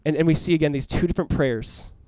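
A male pastor preaching a sermon and closing in prayer, swinging between loud urgent calls and hushed quiet passages. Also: on the high side, quick pace, no echo. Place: church room with congregation.

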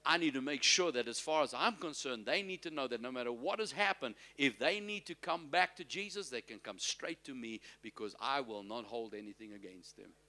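A man preaching a sermon as pastor, calling out to the congregation and drawing out key phrases slowly, swinging from loud to soft. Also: medium pitch. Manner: preaching with call-and-response to the congregation.

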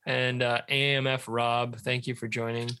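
A man's voice: mid-range voice, level tone, normal speed, pushed and bright, smooth. A man hosting a beer podcast in casual chat, joking and laughing often. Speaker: podcast host.

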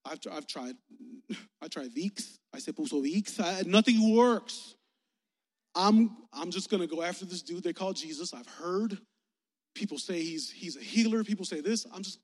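A man's voice: high-pitched, in a large hall. A man voicing a tired, sick woman who hopes for healing, speaking in a weary, musing way.

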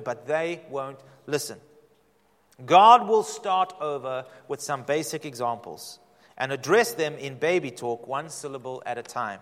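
A middle-aged man preaches a sermon, leaning hard on slow, repeated phrases and sudden swells of emphasis. His voice sits a little high for a man. It rings out with a long reverb, as in a large hall. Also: expressive, fairly bright tone. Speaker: pastor.

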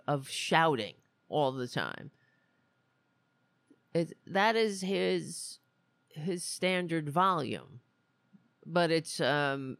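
Brief: commentary host, slow and animated, dry close sound. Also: mid-range voice, no room sound. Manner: animated, indignant, many restarts and asides. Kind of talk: casual ranting commentary.

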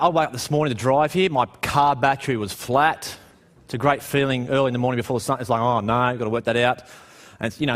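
A man preaching a sermon in a church in a conversational way, posing rhetorical questions and dropping low and quiet on the darker points.

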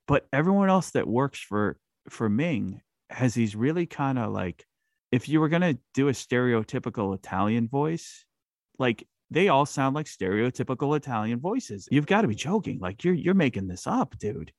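A man hosting a podcast, chatting casually about a movie in a rambling, animated way with lots of fillers. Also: mid-range voice, moderate pace, dry recording, clean studio sound. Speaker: podcast host. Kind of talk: casual film chat.

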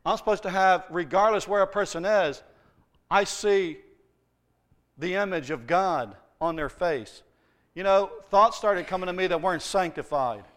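A middle-aged male pastor delivers a sermon in a high voice. He tells stories from his week with humour and pushes his points with lively emphasis. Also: measured pace. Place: church.

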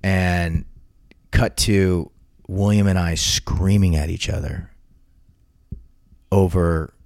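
A man's voice: deep voice, steady tone, slow pace, a little mellow, no room sound, clean studio sound. A man telling a long, rambling story as an interview guest, often restarting and repeating words. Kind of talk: casual anecdotal storytelling.

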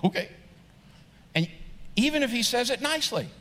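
A man's voice: very high voice, very animated, brisk, a bit bright. A middle-aged man preaching a sermon as pastor, conversational and joking, building to emphatic rising points. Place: large church sanctuary. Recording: long reverb of a large church hall.

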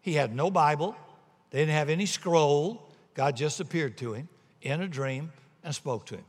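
A male pastor preaching a sermon, telling stories and shifting between loud and hushed delivery. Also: on the high side, moderate pace, slightly rough, long reverb tail.

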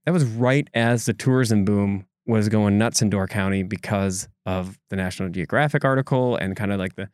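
A man's voice: fairly low pitch, moderate pace, few pauses, a little mellow, smooth, no room sound, studio quality. A man co-hosting a podcast, explaining a local story in a loose conversational way with asides and restarts. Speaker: podcast co-host reporting. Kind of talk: casual podcast chat.

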